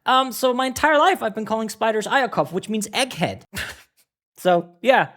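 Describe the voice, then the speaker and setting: A man's voice: high voice, lively intonation, moderate pace, fairly bright tone. A young man from Denmark, joking and swearing casually while reacting to a cartoon. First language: Danish. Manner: chatty, joking, swears often, laughs a lot. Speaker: reaction video host.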